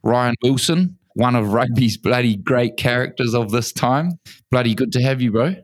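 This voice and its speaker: A man's voice: mid-range voice, normal speed, no room sound. A man hosting an interview in an office studio, enthusiastic and matey, often calling his guest mate or bro. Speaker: podcast host. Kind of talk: casual interview.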